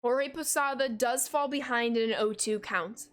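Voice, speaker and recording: A woman's voice: fairly high pitch, moderate pace, a bit bright. Upbeat young woman calling game plays. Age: 20s. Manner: upbeat, greets viewers with casual "yo". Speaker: streamer and game commentator. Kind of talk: play-by-play commentary mixed with live chat replies.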